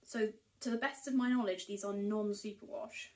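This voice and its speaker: A woman talks enthusiastically to camera as a knitting vlogger, her speech casual and peppered with ums and likes. Her voice sits at an ordinary middle pitch. The mic sits some way from her, so she sounds slightly distant. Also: fairly even intonation, moderate pace, darkish tone. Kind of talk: casual haul chat to camera. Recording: voice picked up from a distance.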